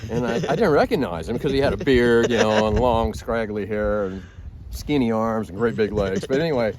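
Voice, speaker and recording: A man's voice: lowish voice, expressive, moderate pace, darkish tone. A man who drives hikers, telling a story in a casual, folksy way.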